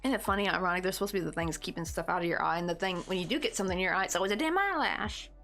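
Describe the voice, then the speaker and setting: A woman's voice: lowish voice, animated, rapid-fire, fairly bright tone, soft background music. A woman in her thirties hosting a crochet livestream, chatting casually in a rambling way with lots of fillers and easy laughs.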